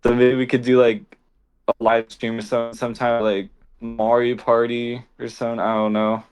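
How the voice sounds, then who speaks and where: A man's voice: mid-range voice, completely flat delivery, normal speed, a little mellow, clear, resonant tone, faint music behind. A young man co-hosting a podcast, chatting casually and rambling with lots of fillers and laughs. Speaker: podcast co-host. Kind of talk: casual chat.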